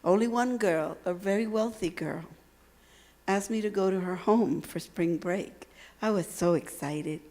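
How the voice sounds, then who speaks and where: A woman from Texas giving a motivational speech at a university, telling stories with emphatic phrasing and dramatic pauses. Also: medium pitch, a little mellow. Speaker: motivational speaker. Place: university lecture hall.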